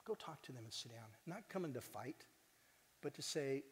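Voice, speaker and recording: Heartfelt and animated, a male director of an organization speaks earnestly at a conference, joking with the audience now and again. His mid-range voice keeps a normal speed, and long hall reverb colors the recording.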